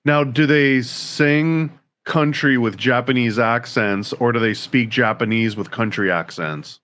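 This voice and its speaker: A man's voice: medium pitch, measured pace, fairly bright tone. A man co-hosting a podcast, joking wryly and retelling a plot in casual chat. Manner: wry, joking, retells plots. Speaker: podcast co-host.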